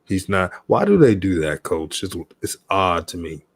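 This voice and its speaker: A man hosting a show, asking a guest a measured, thoughtful question. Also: deep voice, very animated, creaky, no echo. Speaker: show host. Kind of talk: interview question.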